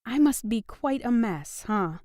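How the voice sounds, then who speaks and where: A woman's voice: on the high side, lively intonation, measured pace, mellow, no room sound, clean studio sound. A woman voicing a playful, teasing young woman in a romance audiobook.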